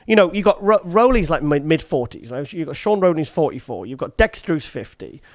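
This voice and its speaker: High-voiced rambling male podcast host. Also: lively intonation, brisk, dry recording, clean studio sound. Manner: rambling, many restarts. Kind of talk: casual podcast chat. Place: podcast studio.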